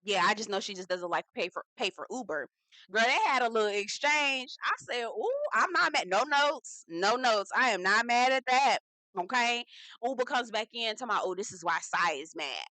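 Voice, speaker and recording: A young woman dishes on a reality TV episode in a casual vlog, sassy and slangy. Her bright voice leaps around in pitch as she acts out what the cast said. The sound is close and dry. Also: lively intonation, fairly quick, no room sound, rough recording. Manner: chatty, sassy, slangy storyteller acting out quotes. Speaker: reality TV recap host.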